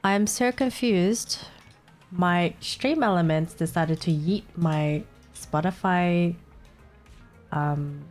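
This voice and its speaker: A woman's voice: lowish voice, takes it slowly, darkish tone, soft background music. A young woman streaming live, chatting casually and swearing as she fixes her setup, sounding a little congested.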